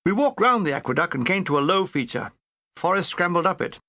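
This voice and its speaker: A man's voice: sits high, sing-song, a little fast, sharp tone, no room sound. A man reading a comic war memoir aloud with dry, wry storytelling. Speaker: audiobook reader.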